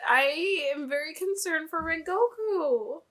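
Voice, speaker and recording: A woman's voice: very high-pitched, lively intonation, slow, fairly bright tone. A woman hosting a reaction video, talking emotionally in a casual way, often breaking off mid-sentence with nervous laughs. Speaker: reaction channel host.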